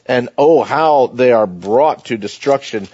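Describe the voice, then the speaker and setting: A man's voice: mid-range voice, measured pace, darkish tone, husky, no room sound. A man preaching a sermon, reading scripture aloud and then explaining it in plain conversational words. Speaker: pastor. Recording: dull, dry lo-fi sound.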